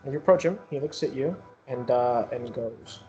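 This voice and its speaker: A man's voice: medium pitch, a little fast, warm tone, dull audio. A young man running a tabletop game as game master, loose and joking, with lots of fillers.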